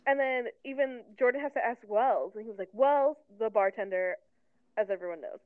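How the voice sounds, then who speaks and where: Woman, higher voice, podcast co-host, casual chat, animated retelling, phone-line sound, dry. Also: normal speed, no echo. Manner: animated, acts out quotes with a raised pitch, fillers like "like". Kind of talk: casual chat recapping a reality show.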